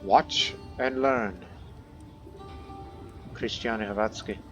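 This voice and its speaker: A man's voice: lowish voice, extremely slow, sharp tone. A man narrating a let's-play of a strategy game, reading event text aloud in first person and musing on it. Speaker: gameplay commentator. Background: faint background music.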